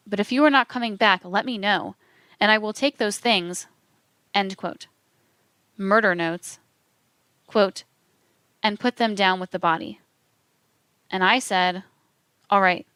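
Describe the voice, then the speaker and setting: Smooth-voiced woman narrating true crime. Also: medium pitch, no room sound. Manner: measured, even reading with spoken quote marks. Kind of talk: scripted true-crime narration reading court testimony.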